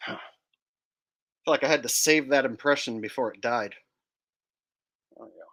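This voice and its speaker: A man's voice: medium pitch, a little slow, long pauses, fairly bright tone. Man, channel host, casual commentary, crude, sarcastic, mocking.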